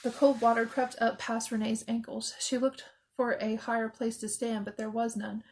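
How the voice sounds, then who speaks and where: Female audiobook narrator for a kids' scary book, steady and expressive, slightly high pitch. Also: moderate pace, rough recording. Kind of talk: reading a children's horror novel aloud.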